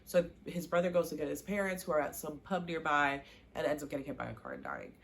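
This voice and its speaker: A woman recapping a TV season in a casual, animated way, acting out the characters' lines and gushing over favorite scenes. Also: low voice, quick pace, gravelly, a little hiss or hum. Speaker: show recap vlogger.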